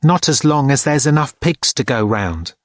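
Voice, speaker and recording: A man voicing a taciturn, gruff old man at a feast, grumbling in short phrases for an audiobook. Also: medium pitch, sing-song, moderate pace, no echo, studio quality, voice pushed up, natural voice. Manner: laconic, grumbling.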